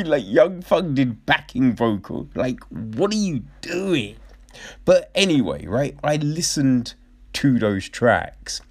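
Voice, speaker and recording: A man talks through a casual commentary at an unhurried pace. His pitch rises and falls widely as he goes. He laughs often, swears freely and slips into quick mimicry of other people.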